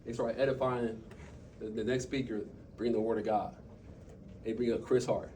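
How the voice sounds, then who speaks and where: A man telling stories and coaching his team in an impromptu motivational talk, animated, with quick bursts and trailing asides. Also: fairly low pitch, distant mic, a little hiss or hum. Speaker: speaker at a team meeting.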